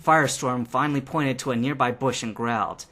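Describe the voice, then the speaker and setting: A man giving a lively, expressive first-person reading of a fan fiction adventure. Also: mid-range voice, fairly quick.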